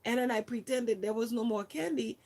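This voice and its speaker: A woman's voice: fairly high pitch, a little fast, darkish tone. A woman volunteer telling a personal story in a casual, chatty way, with lots of fillers. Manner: chatty, many fillers, acts out quotes.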